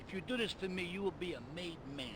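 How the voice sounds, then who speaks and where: An actor voicing an older male mafia boss in a video game cutscene, giving gruff, persuasive orders. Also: fast, close to an everyday voice. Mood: scheming. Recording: game audio with rumbling city noise.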